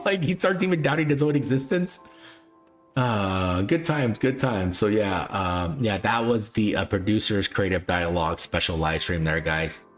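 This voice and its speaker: A man's voice: mid-range voice, moderate pace, faint music behind. A man hosting a livestream, chatting casually and repetitively with frequent chuckles. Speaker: livestream host.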